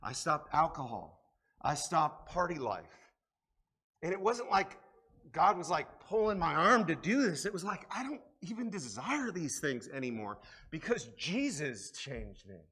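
A man preaching a sermon with personal testimony at a church service, impassioned and swinging from hushed lines to emphatic ones, with repeated rhetorical questions. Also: a little high, sing-song, unhurried, slightly rough. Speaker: pastor.

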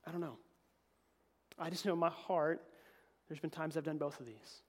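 A man preaching a sermon as pastor, reading scripture and swinging between emphatic peaks and quiet, low asides. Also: moderate pace. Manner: animated preaching, voice rising to emphatic peaks then dropping low.

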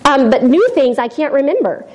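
A woman's voice: high voice, animated, brisk, darkish tone, highs cut off, slight background noise. A woman giving an informal youth group devotional in a chatty, self-deprecating way, often laughing.

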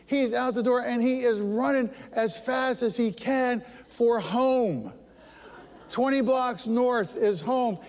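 Storytelling male pastor in a reverberant hall. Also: extremely high pitch. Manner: storytelling, animated, self-deprecating humor. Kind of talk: sermon.

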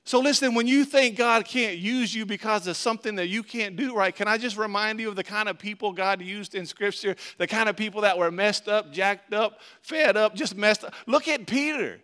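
A man with a high voice preaches in a relaxed, talkative manner. He addresses his listeners directly and breaks off and restarts his sentences often. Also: normal speed, few pauses. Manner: conversational, animated preaching with frequent restarts. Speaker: pastor. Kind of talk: sermon.

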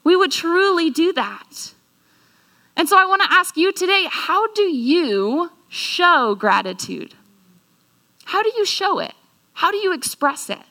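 Woman preacher, high bright voice, slow and earnest, quizzes the congregation. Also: expressive. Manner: earnest, slows down for scripture quotes and asks the listeners questions. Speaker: speaker at a church talk. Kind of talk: sermon.

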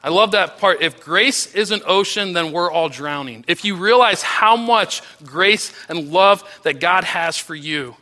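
A man preaching a sermon as pastor, earnest, with frequent restarts, his voice dropping low and soft on key phrases. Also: a little slow, hardly any pauses.

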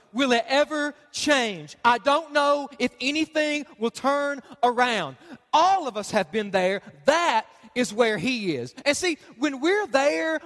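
High-voiced pastor preaching in a reverberant hall. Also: male voice. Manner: lively, conversational, acts out quoted voices. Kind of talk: sermon. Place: church.

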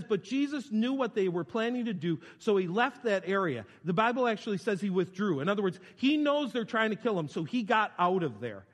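A man's voice: high-pitched, fairly bright tone, in a large hall. A man preaching a sermon as a pastor, retelling scripture in a conversational, storytelling way. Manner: conversational, storytelling with quoted voices.

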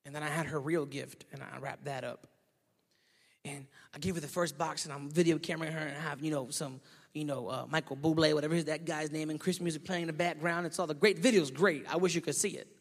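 A male pastor preaching a sermon, telling a story and swinging from shouting to hushed tones. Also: on the high side. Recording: echoey hall.

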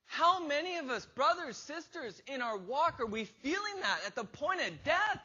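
A man's voice: extremely high pitch, sing-song, measured pace, hardly any pauses, bright, forceful tone. A man preaching a conversational sermon in a church, asking the congregation questions and acting out quoted inner voices with rising emphasis. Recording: slightly dull lo-fi recording.

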